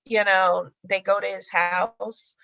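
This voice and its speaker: A woman artist giving a casual guest talk, animated and acting out the dialogue in her stories. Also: mid-range voice, takes it slowly, vocal fry, no room sound. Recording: dull lo-fi sound.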